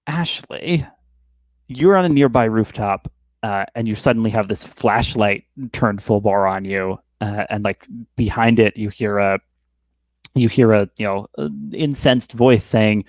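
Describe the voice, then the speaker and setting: A man narrating as game master of a tabletop game, halting and full of fillers. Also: lowish voice, dry recording. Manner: rambling, halting, many fillers.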